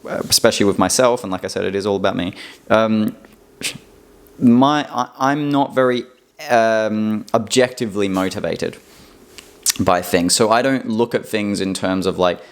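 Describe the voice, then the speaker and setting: Lower-voiced man musing, rambling. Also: moderate pace, clear, resonant tone. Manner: rambling, reflective, many fillers and restarts. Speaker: vlogger. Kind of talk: casual personal monologue.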